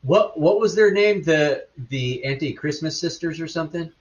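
A man co-hosting a podcast, chatting excitably about a movie and acting out his reactions. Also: on the high side, normal speed. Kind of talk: casual movie-review chat.

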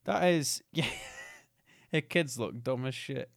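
A man co-hosting a podcast in casual chat, joking and breaking into loud laughter. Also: medium pitch, slow pace, gravelly, dry recording, studio quality. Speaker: podcast co-host.

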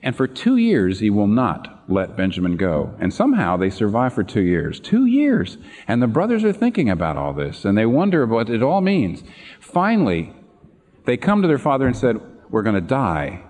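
A man preaching a sermon, retelling a Bible story with animated storytelling and acted-out lines. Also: fairly low pitch, moderate pace. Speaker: pastor. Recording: reverberant hall.

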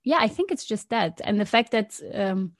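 A woman from Flanders, a Dutch speaker, chatting lively as a podcast co-host, laughing often and restarting sentences. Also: mid-range voice, normal speed, dry recording, clean studio sound. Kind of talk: casual explanatory chat.

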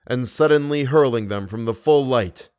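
A man narrating a classic novel in a steady, even storytelling manner. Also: mid-range voice, moderate pace, clear, resonant tone. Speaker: audiobook narrator. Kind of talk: scripted narration.

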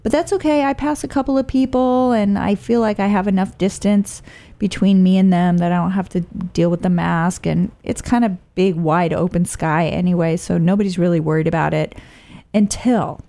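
A middle-aged woman from Oakland telling a personal story in a wry, blunt, animated way. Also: mid-range voice. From Oakland, California.

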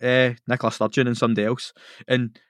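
A man with a Glasgow accent telling sweary, animated stories in a casual podcast chat. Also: medium pitch, fast, no room sound, studio quality. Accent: Scottish, Glaswegian. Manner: sweary, animated, laughs through his stories. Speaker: podcast guest.

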